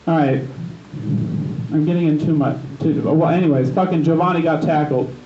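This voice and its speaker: At an open mic night in a gym bar, a stand-up comedian with a fairly high voice tells a rambling, profane story at a moderate pace, full of restarts and lost threads. The live room recording is echoey, distant and dull.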